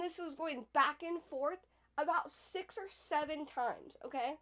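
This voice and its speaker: A young woman with a high, light voice tells a personal story in a loose, chatty vlog way. She drops "like" constantly and punches certain words with sudden loud emphasis. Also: unhurried. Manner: chatty, fills speech with "like", emphatic swings in loudness. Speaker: podcast host.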